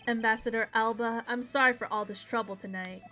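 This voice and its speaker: Calm precise male prosecutor read by a woman, polite and measured, slightly high voice. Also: soft background music. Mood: composed.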